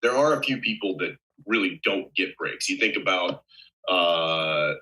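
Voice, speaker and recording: A man's voice: deep voice, unhurried, pushed and bright, low-quality recording. A male actor as a podcast guest in casual chat, explaining things at length with many fillers and restarts.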